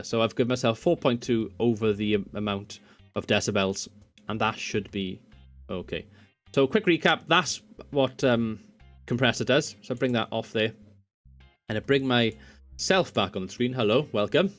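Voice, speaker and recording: Man, home-desk tech tutorial host, loose and rambling, self-correcting, faint music underneath. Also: fairly low pitch. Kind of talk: screen-recorded software tutorial. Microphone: USB condenser microphone.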